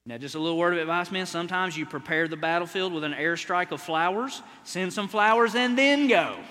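A man's voice: sits high, fairly quick, pushed and bright. A male pastor preaching energetically in a church, joking with and teasing the congregation. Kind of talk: sermon. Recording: long church hall reverb.

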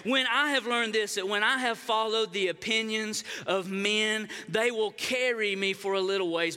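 High, sharp-voiced preaching man. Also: normal speed, hardly any pauses, smooth, big-room sound. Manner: fervent preaching with repeated cadences. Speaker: pastor. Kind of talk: sermon. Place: church sanctuary.

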